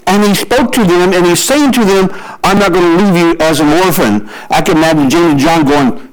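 A man preaching a sermon as a pastor, telling stories and slowing right down on key lines for emphasis. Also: high-pitched, poor audio. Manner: storytelling preacher who shifts pace for emphasis.

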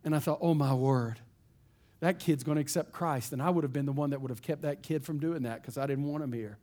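A man from East Texas, a pastor telling a story in a sermon in an animated, folksy way. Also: mid-range voice, fairly quick.

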